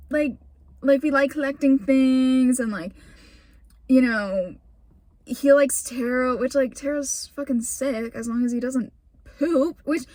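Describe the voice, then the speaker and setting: A woman's voice: sits high, no echo. A young woman telling a rambling, swear-filled casual story to her camera while driving, full of fillers. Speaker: vlogger. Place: in a car.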